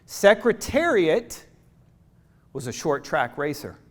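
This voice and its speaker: Middle-aged guy doing a motivational keynote, bit high-pitched, preachy, drops to a hush then booms out. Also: big pitch swings, slow. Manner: dramatic storytelling with sudden loud bursts and hushed asides; preacher-like audience calls. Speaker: motivational speaker.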